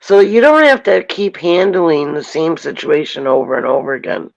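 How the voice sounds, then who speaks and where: A woman joining a casual spiritual chat as a panel guest, explaining her ideas in a calm, reassuring way. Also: deep voice, normal speed, vocal fry, no room sound, dull audio.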